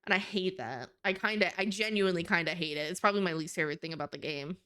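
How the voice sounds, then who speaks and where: A woman's voice: on the low side, fast, pushed and bright, clear, resonant tone. A young woman streamer in casual live-stream chat, rambling with lots of fillers and casual swearing.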